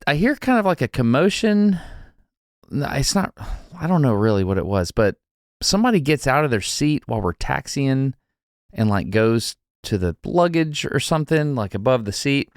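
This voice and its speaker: A man co-hosting a podcast, telling an anecdote in a casual, animated way, laughing and restarting as he goes. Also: mid-range voice, moderate pace, no room sound, studio quality. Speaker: podcast co-host. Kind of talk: casual storytelling chat.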